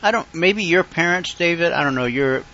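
Guy hosting talk radio, bright voice, rambles and chuckles, slightly muffled. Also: fairly high pitch, expressive, a little fast, slight background noise. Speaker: radio host. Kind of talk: casual talk radio chat.

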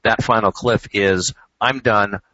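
A man talking in a measured, reflective and candid way as a regular on a radio show. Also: lowish voice, fairly even intonation, bright, forceful tone, no echo. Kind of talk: casual radio talk. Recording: dull, dry radio sound.

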